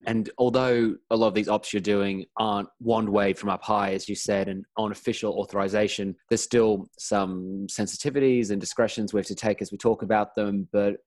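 A man hosting an interview, speaking in a measured, careful way. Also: fairly low pitch, steady tone, a little mellow, dry recording. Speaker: podcast host. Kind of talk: interview questions.

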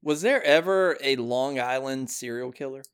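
A man's voice: mid-range voice, moderate pace, clean tone. A man co-hosting a casual podcast chat in a laid-back, teasing way. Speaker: podcast co-host.

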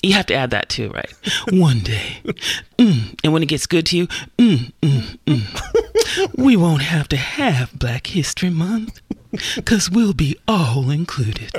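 A woman voicing a weary old-time film character in a low, drawn-out voice. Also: big pitch swings, breathy edge, no room sound, studio quality, heavily acted. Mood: mock solemn. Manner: slow, drawn out, humming "mm" between phrases.

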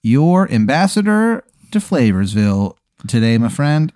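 An overly chipper young restaurant waiter, put on by a man running a tabletop game. He talks in a raised, bubbly pitch with a relentlessly perky service-industry tone. The sound is close and dry. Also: big pitch swings, unhurried, dark tone, dry recording.

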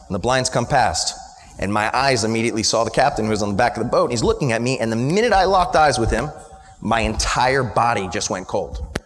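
A man in his late twenties, a business owner telling an emotional personal story at a live talk and stuttering at moments. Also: medium pitch. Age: late 20s. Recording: long hall reverb from a live event.

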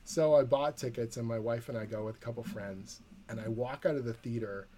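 A man, a comic book writer, telling a lively anecdote in a podcast interview and acting out the quoted dialogue. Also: medium pitch, fairly quick, a little hiss or hum.

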